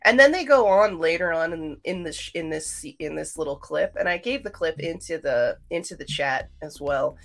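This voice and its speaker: A woman's voice: deep voice, animated, moderate pace, hardly any pauses. A woman hosting a livestream, chatting casually and rambling straight to her viewers. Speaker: livestream host.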